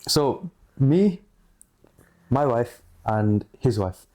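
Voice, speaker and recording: A male podcast host chats casually and agreeably with his guest. His voice is warm and mellow at a middle pitch. He keeps an easygoing tone throughout. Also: lively intonation, extremely slow. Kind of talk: casual chat.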